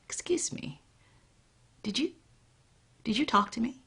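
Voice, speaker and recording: A woman's voice: a little high, lively intonation, a little slow, a bit bright, slightly rough, in a whisper, pitched above the performer's own voice, exaggerated voice. A woman playing an amazed old man. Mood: hushed. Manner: astonished, then wry.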